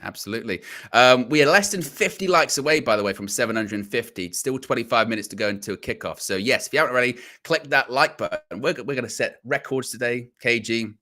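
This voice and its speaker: A man's voice: mid-range voice, quick pace, hardly any pauses, bright, forceful tone. A man from Oxford, England, hosting a fan livestream in casual, enthusiastic chat and reading viewer comments aloud. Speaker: host of fan channel livestream. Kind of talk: casual live-stream chat.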